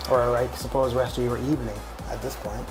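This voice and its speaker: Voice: medium pitch, level tone, brisk, poor audio. A game streamer chatting casually with viewers in a live stream, rambling with lots of restarts and fillers, over faint background music.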